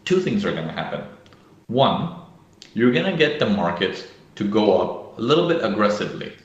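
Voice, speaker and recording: A man's voice: on the low side, very animated, moderate pace, reverberant, lo-fi sound. A man teaching live trading analysis, who often checks in with "okay?" and acts out panicking traders. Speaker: trading educator.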